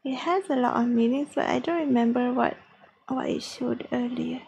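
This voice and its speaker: A woman streaming her language study, slowly repeating practice phrases aloud and chatting with viewers. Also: a little high, gravelly, darkish tone, slight background noise, poor audio. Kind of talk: casual study-stream chat.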